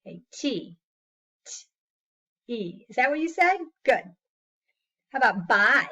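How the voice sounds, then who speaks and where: A woman's voice: high voice, big pitch swings, normal speed, sharp tone, dull audio. A woman teaching a phonics lesson to young children, patiently sounding out words and praising each answer.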